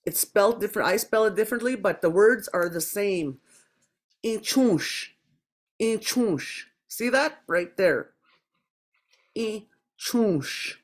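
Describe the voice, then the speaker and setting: Lady teacher going over words, says each one a few times, slow, echoey classroom. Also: mid-range voice, animated. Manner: repeats words slowly and clearly for learners. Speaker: language teacher. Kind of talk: classroom language lesson.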